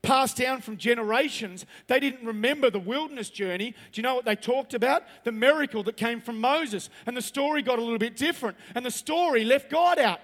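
A man's voice: extremely high pitch, a little fast, hardly any pauses, fairly bright tone, big-room sound. A man preaching a sermon as pastor, reading scripture aloud and then pressing his points with rising emphasis.

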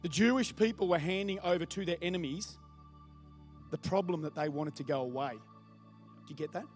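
A high-pitched man delivers a sermon in a loose, conversational way. He reads scripture aloud and keeps turning to the congregation with questions. Soft music plays faintly behind him. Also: brisk. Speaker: pastor.

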